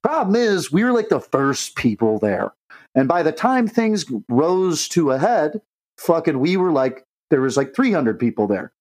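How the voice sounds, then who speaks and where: A man's voice: on the high side, a little slow, poor audio. A young man, a podcast co-host, telling a long rowdy story in casual, profane talk and acting out the voices of the people in it. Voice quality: profane, animated, acts out quoted voices.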